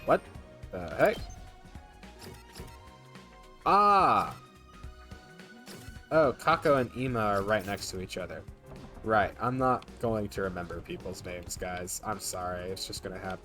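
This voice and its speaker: A man's voice: sits low, moderate pace, a bit bright, faint music behind. A man streaming a game live, making chatty, joking asides to his viewers. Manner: chatty, jokey asides to chat.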